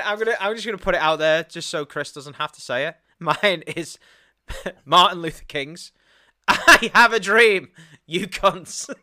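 A podcast co-host in casual comedy banter who swears freely and keeps breaking into loud, giddy laughter. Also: mid-range voice.

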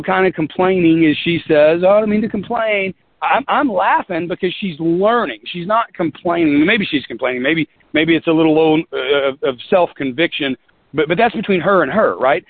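A man's voice: a little high, dry recording. A man giving a motivational team talk as a business leader, folksy, earnest and repetitive. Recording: tinny phone-like line.

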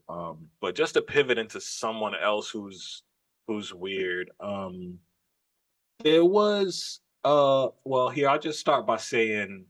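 A man's voice: fairly low pitch, expressive, a little slow, fairly bright tone. A man co-hosting a podcast, telling a story in casual, profane chat with emphatic asides. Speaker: podcast co-host.

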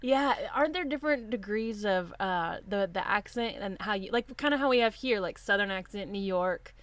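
A woman's voice: mid-range voice, normal speed, a bit bright, no echo. An American woman in a casual podcast chat who giggles often and asks friendly questions.

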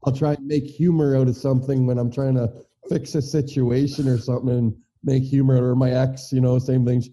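Earnest middle-aged man, very dark voice. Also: mid-range voice, level tone. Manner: earnest, halting, with many restarts and fillers. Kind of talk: casual conversation. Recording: dull lo-fi recording.

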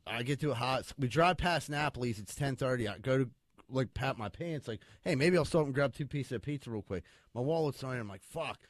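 A man's voice: medium pitch, brisk, no room sound. A man telling anecdotes in casual podcast chat, acting out the lines of the people in them. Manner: storytelling, acts out quoted dialogue.

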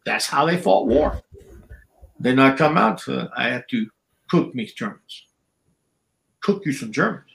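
An older man with a gravelly, creaky edge to his voice, chatting as an interview guest. He rambles through stories, laughs a lot and acts out voices along the way. His pitch sits in the middle for a man. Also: animated, unhurried, pauses often, a bit bright, poor audio. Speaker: guest, former wrestler and referee. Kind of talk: casual interview storytelling.

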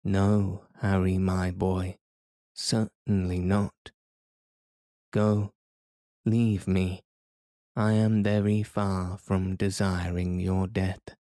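A man's voice: low-pitched, little pitch movement, extremely slow, long pauses, dark tone, no echo, studio quality, exaggerated voice. A man reading an audiobook, voicing a stubborn older male professor in an insistent, commanding way. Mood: stern.

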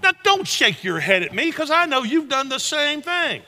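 An older man preaching a sermon, telling animated stories and swinging between loud and hushed delivery. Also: very high voice, normal speed. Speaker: pastor.

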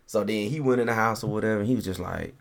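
A man hosting a podcast, telling a long story in a relaxed, animated way, acting out the people he quotes and laughing often. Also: fairly low pitch, racing, vocal fry. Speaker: podcast host. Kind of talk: casual storytelling.

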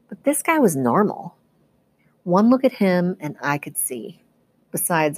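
A woman teacher reading a novel aloud to students, telling the first-person story at a steady pace. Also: lowish voice.

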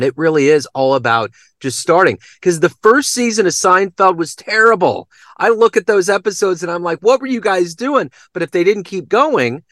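A man hosting a podcast interview, telling stories with enthusiasm and lively quoting. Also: fairly high pitch, no echo, studio quality. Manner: enthusiastic storyteller, animated quoting. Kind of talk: casual interview chat.

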